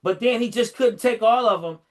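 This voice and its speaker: A middle-aged man in casual chat, animatedly retelling a story and acting out the lines in a lower voice. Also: a little fast. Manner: animated storyteller, fillers and restarts, acts out quotes in a lower voice.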